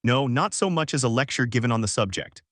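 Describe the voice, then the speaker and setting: A man voicing a cunning young male adventurer who speaks with haughty, measured poise. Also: medium pitch, expressive, no room sound, studio quality, close to an everyday voice.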